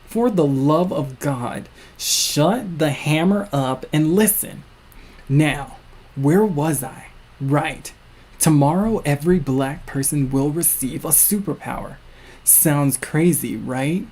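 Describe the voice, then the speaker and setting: A man's voice: fairly high pitch, slow pace, darkish tone. A man doing a suave, cold villain. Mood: smug. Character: suave male villainous future self, cold.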